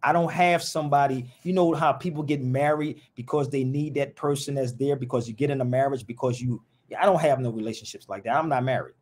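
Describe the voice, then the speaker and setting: A man's voice: medium pitch, fairly quick, few pauses. A man hosting a live show in a casual stream, talking in an impassioned, blunt and rambling way, heavy on slang.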